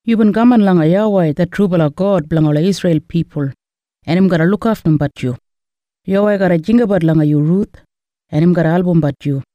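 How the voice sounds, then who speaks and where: A man's voice: high-pitched, a little fast, mellow, no echo, close to an everyday voice. A man with an Australian Kriol accent voicing Boaz, a gracious wealthy male landowner, in a Bible story reading. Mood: kindly.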